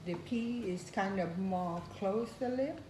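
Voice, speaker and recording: A woman's voice: mid-range voice, a little slow, echoey room, background noise. A woman student in a language class, tentatively repeating sounds back to the teacher.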